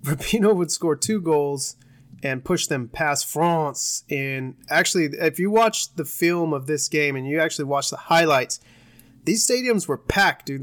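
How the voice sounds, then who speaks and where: A man's voice: a little high, a bit bright. Joking young man on a sports podcast. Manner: joking, rambling, with put-on bits. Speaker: podcast co-host. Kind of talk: casual sports chat.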